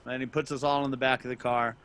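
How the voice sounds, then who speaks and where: Bright-voiced man telling a rambling story. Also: medium pitch, flat delivery, fast, smooth. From Los Angeles, California. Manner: rambling anecdote with loud acted-out quotes. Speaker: podcast co-host. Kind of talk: casual storytelling chat.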